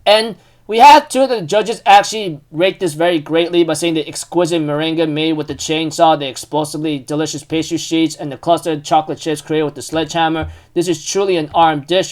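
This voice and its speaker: A man's voice: fairly high pitch, brisk, few pauses. A man casually recapping an anime episode, rambling with lots of "you know" and loosely retelling each scene. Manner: laughs and gets animated when amused.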